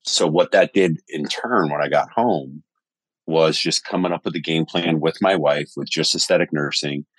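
A man's voice: rumbling low, moderate pace, no room sound. A man telling stories animatedly in a casual podcast conversation, cursing freely. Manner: animated storyteller, swears casually. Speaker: podcast guest.

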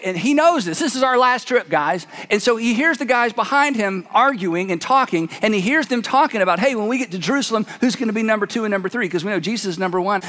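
High-voiced preacher in a reverberant hall. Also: male voice, pushed and bright. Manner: conversational storytelling, halting restarts, emphatic asides. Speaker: pastor. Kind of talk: sermon.

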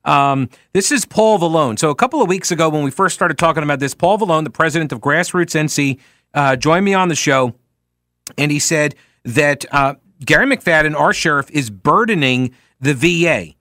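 A man's voice: on the high side, moderate pace, dry recording. A man hosting a talk radio show, giving sarcastic, opinionated commentary on a studio mic. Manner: animated, sarcastic, mocking asides.

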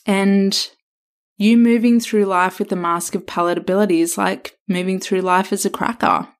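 A woman hosting a self-help podcast, talking straight to the listener in an emphatic, coaching way with drawn-out stresses. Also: mid-range voice, steady tone. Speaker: podcast host and counsellor.

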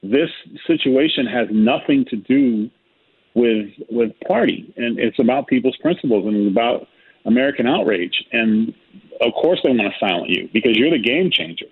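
A man with a husky voice, speaking as a guest in a talk discussion, emphatic and earnest. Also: medium pitch, animated, normal speed. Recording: tinny phone line.

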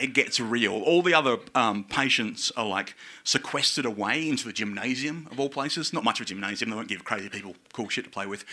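A man's voice: medium pitch, sharp tone. A man telling a personal story in a casual, profane, self-mocking way.

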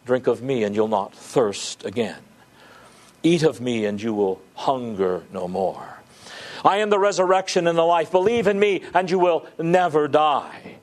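A man's voice: mid-range voice, expressive, a little slow. A middle-aged man preaching a sermon as pastor, rising to emphatic lists and dropping to near-whispers.

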